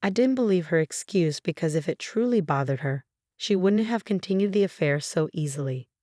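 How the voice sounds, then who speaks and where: A woman narrating a first-person story in a steady, even scripted reading. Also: fairly low pitch, brisk, dry recording, studio quality.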